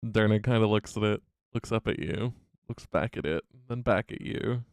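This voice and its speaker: A man's voice: fairly low pitch, moderate pace, clear, resonant tone, no echo, clean studio sound. A man narrating a tabletop game as game master, playful and often laughing.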